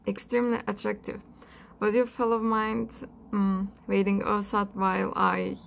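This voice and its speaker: A smug young prince from a satirical storybook, played by a woman narrator. He talks in a wheedling, self-serving way with a gravelly edge. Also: medium pitch, flat delivery, unhurried, slight background noise. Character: vain, lustful young male prince.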